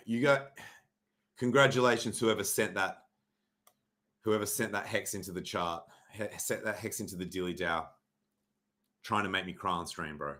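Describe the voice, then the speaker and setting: A young adult man hosting a casual livestream, sarcastic and mock-dramatic, swearing freely and often clearing his throat. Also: deep voice, normal speed, long pauses, fairly bright tone. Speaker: livestream host reviewing crypto charts. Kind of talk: casual livestream chart talk.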